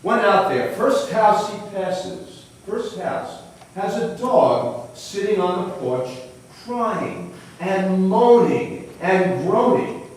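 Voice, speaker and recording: A man telling a motivational story at a very slow, deliberate pace, his voice rising and falling a lot. He sounds distant in a very echoey room, with a faint hiss underneath. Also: high voice, very animated. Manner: slow, dramatic storytelling with pauses. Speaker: host of a round table talk.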